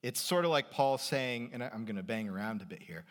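A man preaching a sermon as pastor, talking in a conversational way, rising in pitch and volume to stress points and dropping almost to a whisper on key questions. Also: expressive, fairly quick.

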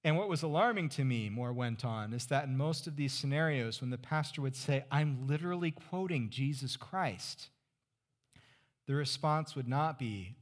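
A man preaching a sermon as pastor, conversational, asking the congregation rhetorical questions and dropping to a hush for emphasis. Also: mid-range voice, normal speed. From California Central Valley.

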